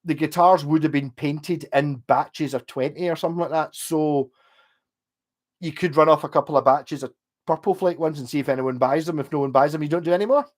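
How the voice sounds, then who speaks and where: A man's voice: fairly high pitch, a little fast. A man chatting casually on a livestream, rambling and swearing freely. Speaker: livestream host.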